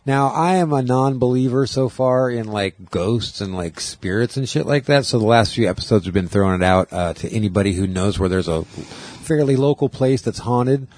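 A man's voice: medium pitch, normal speed, hardly any pauses, a little mellow, no echo. A man hosting a casual podcast chat, laid-back and swearing casually as he asks questions. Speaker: podcast host.

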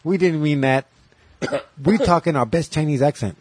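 A man's voice: a little high, moderate pace, a little mellow, dry recording. A man who does stand-up comedy, chatting crudely and jokily as a podcast host. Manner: crude, joking, profane. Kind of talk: casual chat.

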